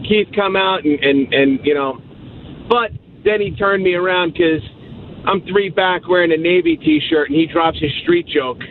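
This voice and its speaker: Excited male caller over a tinny phone line. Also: on the high side, a little hiss or hum. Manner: excited, stumbling restarts. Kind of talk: casual phone call to a radio show.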